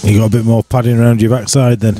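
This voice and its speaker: A man's voice: mid-range voice, little pitch movement, fast talker, mellow, soft background music. A man co-commentating on snooker in a jokey, easygoing way. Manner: jokey, laughs easily. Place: sports bar commentary position.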